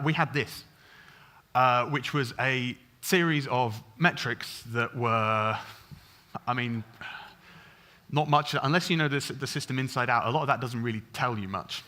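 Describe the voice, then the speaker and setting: A man speaks from a conference stage in a bright, forward voice. He rattles on in a casual, conversational way, with frequent ums and self-corrections. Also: medium pitch. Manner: fast, chatty, full of ums and restarts. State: over-caffeinated. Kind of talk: technical conference talk.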